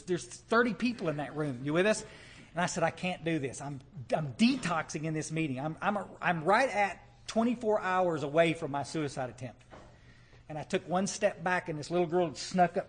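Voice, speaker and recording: A man with a slightly higher voice speaks to a meeting hall crowd. He is folksy and animated, and he keeps checking in with his listeners as he tells his story. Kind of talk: storytelling talk to a live audience.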